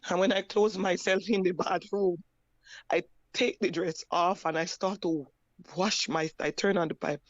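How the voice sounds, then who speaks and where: A Jamaican woman giving a personal testimony, halting and repeating her words as she recounts. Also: on the low side, fairly even intonation, no room sound, lo-fi sound. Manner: halting, repeats words and restarts, plain broken grammar. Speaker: survivor sharing her story.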